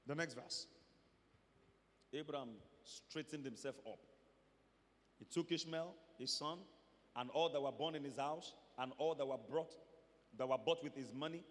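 A man preaching a sermon to a church, moving between quiet asides and emphatic, shouted lines. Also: fairly high pitch, in a large hall.

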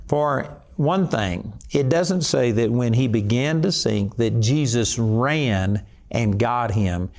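A man's voice: medium pitch, lively intonation, slow pace, hardly any pauses, a little mellow. A man delivers a sermon with earnest emphasis. He drives each point home with conviction. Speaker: preacher.

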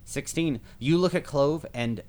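A man's voice: fairly high pitch, measured pace, a little mellow. Rambling man running a tabletop game. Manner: rambling, full of fillers and restarts. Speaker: game master.

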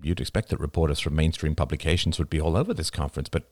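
A man reading the lines of a blunt, guarded man with grim views, in a flat, terse manner. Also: extremely low pitch, fast talker, no room sound, clean studio sound. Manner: flat, terse, matter-of-fact. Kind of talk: audiobook character reading.

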